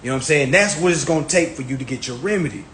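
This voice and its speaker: A man's voice: on the high side, very fast, a bit bright. A man talking casually on a livestream, emphatic and profane, often repeating his phrases. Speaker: social media livestreamer. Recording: echoey room with faint background noise.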